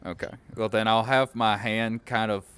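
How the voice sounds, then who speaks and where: A man's voice: on the low side, fairly even intonation, moderate pace, fairly bright tone, clear, resonant tone, dry recording. A man playing a tabletop game, speaking hesitantly with many fillers. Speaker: player. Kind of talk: tabletop role-play.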